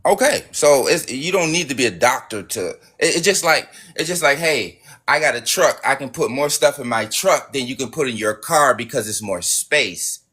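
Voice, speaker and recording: A man's voice: medium pitch, lively intonation, normal speed, hardly any pauses, a bit bright, husky. A man hosting a live stream debate, insistent and repetitive, pushing his argument. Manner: insistent, repeating himself, pushy. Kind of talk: casual debate.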